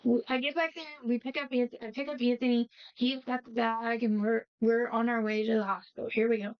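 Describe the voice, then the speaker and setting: Animated woman telling a story, lo-fi. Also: a little high, a little fast, clean tone. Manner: animated retelling with quoted voices. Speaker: podcast co-host. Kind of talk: casual storytelling chat. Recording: slightly dull lo-fi sound.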